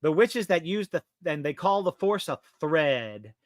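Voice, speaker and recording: A man hosts a live-stream podcast in a fed-up, profane rant. His voice sits a little high, and the sound is dry and close with no room echo. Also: very animated, unhurried. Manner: profane, exasperated ranting. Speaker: podcast host.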